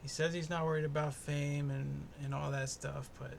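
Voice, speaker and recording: Gravelly young man, casual podcast host. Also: a little high, level tone, normal speed, slight background noise. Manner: profane, laid-back, rambling and jokey. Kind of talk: casual solo fight-prediction podcast. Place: home in the US East Coast.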